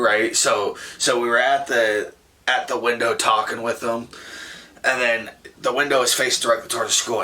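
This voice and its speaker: Dude telling a storytime vlog, swears constantly, bright edgy voice, mic sits a bit far off. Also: male voice, mid-range voice. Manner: profane, slangy, rambling with many fillers. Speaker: storyteller vlogger. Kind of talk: casual storytime monologue.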